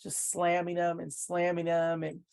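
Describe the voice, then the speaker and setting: Low-voiced woman coach telling her story. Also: monotone, a little slow, vocal fry, a little mellow. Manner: earnest storytelling that acts out what others said. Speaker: basketball coach, interview guest. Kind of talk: recounting events in an interview.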